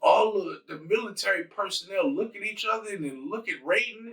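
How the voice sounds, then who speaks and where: A man's voice: sits high, a little fast, fairly bright tone, recorded from a distance, rough recording. A man casually retelling a movie plot in a loose, rambling, profane way. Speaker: host.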